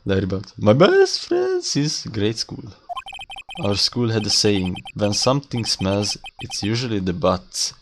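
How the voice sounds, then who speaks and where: A man's voice: lowish voice, very animated, unhurried, noisy background. A man reading as a nervous young lawyer.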